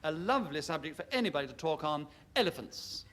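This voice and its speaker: Brisk, high-voiced panel game host. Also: male voice, lively intonation, a bit bright. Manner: brisk, genial, often laughing while speaking. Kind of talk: radio panel game chairing. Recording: hissy old radio recording.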